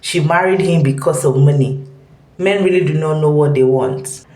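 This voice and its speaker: A woman host giving a relaxed, laughing commentary on clips she has just watched. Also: sits low, normal speed, reverberant, rough recording. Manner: laughing, relaxed reaction chat. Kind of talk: casual commentary.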